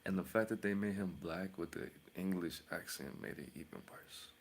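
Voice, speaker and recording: A man's voice: sits low, moderate pace, creaky, a little hiss or hum. A man hosting his own channel as a tarot reader, rambling and boasting in a casual rant, mocking with sudden whispers and outbursts.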